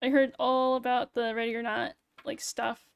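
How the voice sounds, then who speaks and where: A woman's voice: on the high side, level tone, normal speed, vocal fry, clear, resonant tone, no echo. A young woman streamer in casual livestream chat, ranting sarcastically and swearing freely into a close mic. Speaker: VTuber streamer.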